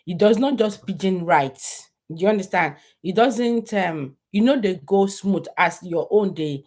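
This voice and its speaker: A woman's voice: on the low side, moderate pace, few pauses, darkish tone. A Nigerian woman chatting casually to her viewers on a live stream, rambling and laughing often.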